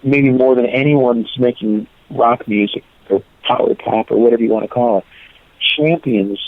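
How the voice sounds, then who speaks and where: A man's voice: medium pitch, moderate pace, no room sound. An older man and musician, casually telling rambling stories in an interview and correcting himself as he goes. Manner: rambling, anecdotal, self-correcting. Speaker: musician guest. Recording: tinny phone-like line.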